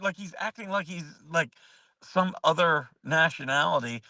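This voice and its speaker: A man's voice: fairly high pitch, normal speed, pushed and bright, no room sound, recorded from a distance, rough recording. A man hosting a casual talk show, rambling through stories with many fillers and restarts. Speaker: show host. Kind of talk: casual storytelling chat.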